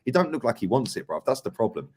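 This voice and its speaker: A man's voice: medium pitch, big pitch swings, quick pace, darkish tone. A young man, co-hosting a casual live football chat, blunt and emphatic, with plenty of slang. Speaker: football podcast co-host.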